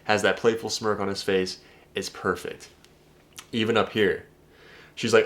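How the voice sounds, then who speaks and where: A man's voice: lowish voice, fairly even intonation, fairly quick, a bit bright. Emphatic, profane male dating coach. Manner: emphatic, profane, addresses viewers directly. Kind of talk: casual video breakdown of text messages.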